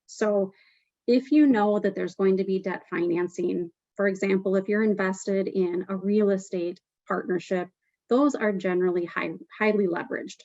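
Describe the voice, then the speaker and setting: Woman presenter, mid pitch, steady explanatory delivery with fillers, dry muffled webinar sound. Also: no echo.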